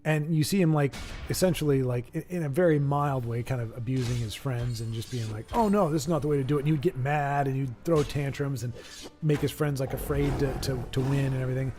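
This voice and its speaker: A man's voice: medium pitch, fairly even intonation, brisk. A man hosting a live game stream, chatting casually with viewers and commenting on matches in a joking, rambling way that stumbles over repeated words.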